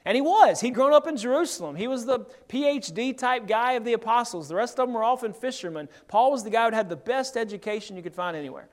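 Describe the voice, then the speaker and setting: Male preacher, high register, conversational Bible teaching, reads verses and then unpacks them plainly. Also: animated, quick pace, few pauses. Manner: conversational, reads scripture aloud and explains it. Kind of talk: sermon-style Bible teaching.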